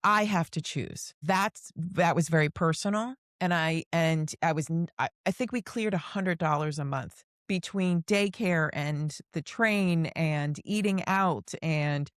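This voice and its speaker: A woman's voice: deep voice, unhurried, few pauses, dry recording, studio quality. A middle-aged woman hosting a podcast, telling personal stories in an earnest, heartfelt way. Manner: earnest, emotional, tells long personal stories. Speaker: podcast host. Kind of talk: casual conversation, personal storytelling.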